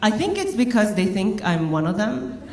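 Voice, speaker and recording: A young woman doing live stand-up comedy, animated and self-mocking, acting out the people she talks about. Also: medium pitch, normal speed. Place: comedy club stage. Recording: live club, loud crowd laughter and noise. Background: loud audience laughter.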